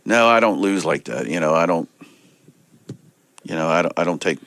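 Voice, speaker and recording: A gruff, stubborn old wrestler with a heavy Russian accent, as a man puts him on while telling a story. He speaks low and dry, with blunt, short refusals. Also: lively intonation, moderate pace, a bit bright, no echo.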